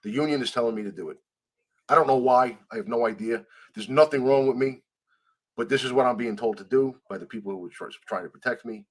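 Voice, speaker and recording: A man's voice: medium pitch, fast talker. A man telling a story in a conversational interview, acting out the people he quotes and swearing freely. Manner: animated, acts out quoted dialogue, swears freely. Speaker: guest.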